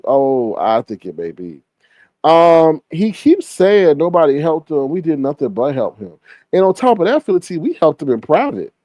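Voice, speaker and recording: A man's voice: a little high, big pitch swings, normal speed, dark tone, no room sound. A man hosting a livestream, chatting casually and gossiping in a sassy way while reading the chat. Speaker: livestream host.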